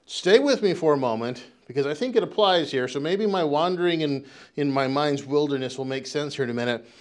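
A man's voice: fairly high pitch, animated, brisk. A middle-aged American man preaching a sermon as pastor, talking in a loose, conversational way with lots of restarts and "right?" tags. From United States.

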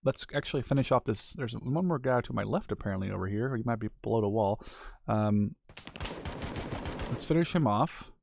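A man's voice: lowish voice, lively intonation, moderate pace, gravelly, a little mellow. A man giving casual, rambling gameplay commentary, mildly ranting and full of fillers as he plays.

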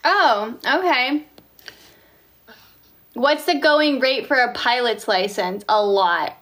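A high-pitched woman hosts a relaxed phone livestream. She takes her time, reads viewer comments aloud, and laughs easily. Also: a little slow. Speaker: livestream host. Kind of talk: casual livestream chat, reading comments.

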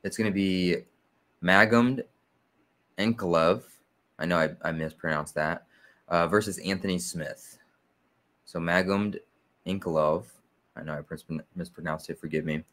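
Steady and methodical, this man explains his figures step by step on the sports picks channel he hosts, filling gaps often with fillers. It's a casual explanatory video, and his deep voice moves at a normal pace.

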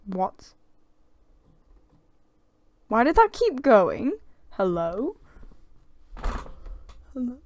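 A woman's voice: fairly high pitch, sing-song, drawn-out words, long pauses, darkish tone. A young woman giving casual, giggly commentary over a life-simulation game she plays, gasping and exclaiming often. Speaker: gaming video creator. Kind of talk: casual let's-play commentary.

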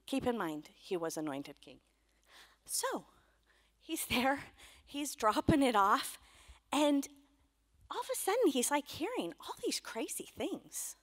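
A woman pastor preaches with playful, animated storytelling and quick asides. Her voice is high, bright and lively, swinging widely in pitch. A long reverb fills the church around her. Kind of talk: sermon. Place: church sanctuary.

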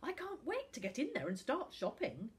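A woman voicing an eager adult woman shopper in a storybook crowd, a little breathy. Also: a little high, huge pitch swings, moderate pace, a little mellow, voice pushed up.

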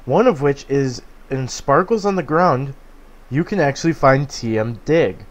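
A man giving relaxed let's play commentary on a game, talking slowly with filler pauses. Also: mid-range voice. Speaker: gameplay commentator.

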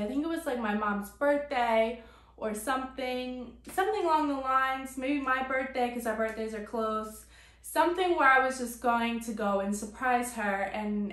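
Young adult woman, casual storytime vlogger, chatty with fillers, slightly high pitch, echoey room.

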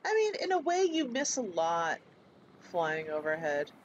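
Male game streamer, high voice, chatty and self-mocking, muffled noisy audio. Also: huge pitch swings, measured pace. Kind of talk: casual gameplay commentary.

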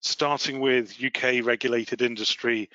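Guy hosting a work webinar, bright forceful voice, kinda muffled dry call audio. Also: medium pitch, steady tone, no echo. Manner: measured, formal presenting with occasional fillers. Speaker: webinar host and asset management lead. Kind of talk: prepared webinar presentation.

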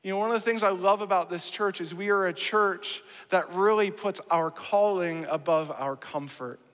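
High-voiced man preaching in a reverberant church. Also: moderate pace, fairly bright tone. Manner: emphatic, keeps asking the congregation "right?". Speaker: pastor. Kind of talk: sermon. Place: church sanctuary. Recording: long church hall reverb.

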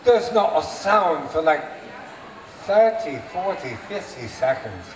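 A man performing at a renaissance faire, telling a joke to a live crowd in an animated, audience-addressing way. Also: fairly high pitch, slow. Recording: echoey open air from far mic, noisy.

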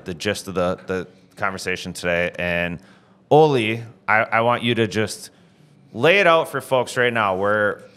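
A man with a fairly low voice hosts a podcast. He talks earnestly and sometimes repeats a word while he searches for the next one. Faint music plays under him. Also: pushed and bright. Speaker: podcast co-host. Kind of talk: podcast intro and interview.

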